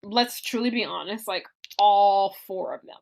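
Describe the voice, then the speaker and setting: A woman with a gravelly, mid-range voice, speaking a little slowly, walks through a film's plot as a podcast co-host. The chat is casual and animated, and she acts out what the characters say.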